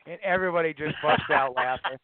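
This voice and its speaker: A man's voice: a little high, big pitch swings, normal speed, no room sound. A middle-aged man hosting a radio show, chatting casually and telling joking stories. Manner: joking, storytelling. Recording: dry, phone-like line.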